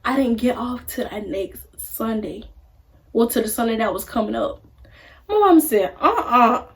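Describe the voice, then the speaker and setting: A woman's voice: on the high side, expressive, moderate pace, a little mellow. A young woman telling a story on her vlog in a casual, chatty way, acting out the people she quotes. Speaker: vlogger.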